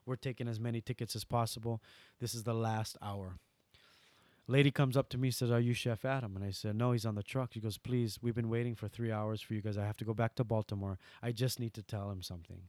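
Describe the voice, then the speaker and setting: A man with a Hawaiian accent, a guest in an interview, who tells stories animatedly and swings from loud bursts to soft asides. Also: lowish voice, steady tone, quick pace, dry recording. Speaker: guest entertainer. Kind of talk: storytelling interview.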